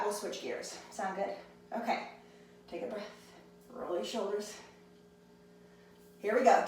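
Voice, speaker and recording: A woman's voice: high voice, fairly bright tone, far from the mic. Woman coaching handstands in an echoey room. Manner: encouraging, counts reps aloud. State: slightly out of breath. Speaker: handstand instructor. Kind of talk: fitness class instruction.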